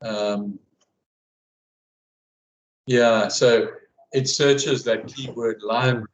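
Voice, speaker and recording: A man in a casual video-call conversation, talking in a halting way with many fillers and restarts about running his classes. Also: mid-range voice, fairly even intonation, lo-fi sound. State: hiccuping. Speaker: class guide and researcher.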